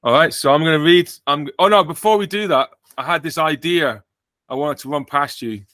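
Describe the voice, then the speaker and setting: British male podcast host, bright sound, dry close mic, jokey and rambling. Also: a little high, brisk, dry recording. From Britain. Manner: joking, rambling with self-corrections. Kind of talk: casual chat.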